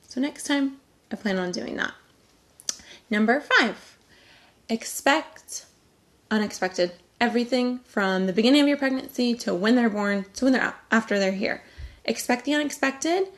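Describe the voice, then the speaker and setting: A young woman from California talking casually to camera, giving candid, chatty advice with lively emphasis. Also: fairly high pitch. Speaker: vlogger.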